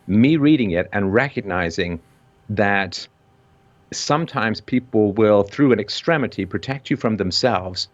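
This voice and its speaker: Guest commentator, male, lowish voice, intense delivery that swells to forceful emphasis, dull lo-fi recording. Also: animated, unhurried. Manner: intense, builds to loud emphatic peaks. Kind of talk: impassioned discussion. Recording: dull lo-fi audio.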